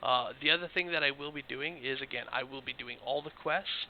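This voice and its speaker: A man with a slightly hoarse voice talks through a video game walkthrough in a loose, explanatory way, addressing his viewers directly. His voice sits at a middling pitch. It comes through a tinny, phone-like mic with a faint hiss underneath. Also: a little fast. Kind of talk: casual gameplay walkthrough commentary.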